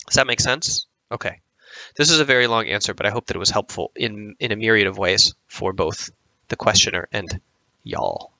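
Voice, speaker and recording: Young guy coaching gamers, bright voice, says stuff twice, dry close sound. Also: lowish voice, normal speed, vocal fry, long pauses, no room sound, poor audio. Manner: emphatic, repeats lines, lots of fillers. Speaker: sport psychology coach and show host. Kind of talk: answering viewer questions, casual monologue.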